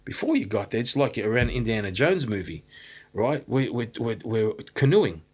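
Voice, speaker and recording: A man hosting a podcast, telling an excited, animated story in casual chat. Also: medium pitch, moderate pace, husky. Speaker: podcast host.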